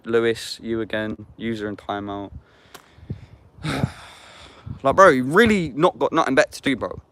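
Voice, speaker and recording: A man's voice: medium pitch, normal speed, a bit bright, a little hiss or hum. A young adult man with an English accent, chatting casually and slangily on a livestream, swearing and answering chat comments.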